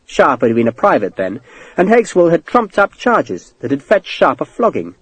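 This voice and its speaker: Guy narrating an audiobook, animated voice, pretty dry sound. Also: on the high side, moderate pace, slightly rough, no echo. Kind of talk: scripted narration.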